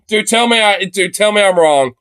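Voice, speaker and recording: A man streaming casual commentary on political clips, excitable and crude, laughing often and breaking into shouts. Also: high voice, moderate pace, no echo. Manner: crude, swears constantly.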